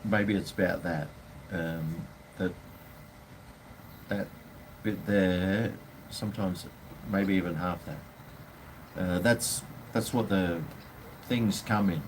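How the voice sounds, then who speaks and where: Rambling, blunt Australian man, slow talker. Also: sits low, slight background noise. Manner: rambling, blunt, swears freely. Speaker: live-stream host. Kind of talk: casual live-stream chat.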